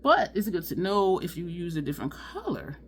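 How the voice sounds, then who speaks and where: A woman with a slightly low voice chats her way through a makeup tutorial, sweating and talking to her viewers as "y'all". Faint room noise sits under the recording. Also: sing-song, a little fast. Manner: chatty, addresses viewers as y'all. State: sweating, overheated. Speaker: beauty vlogger. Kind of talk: casual makeup tutorial chat.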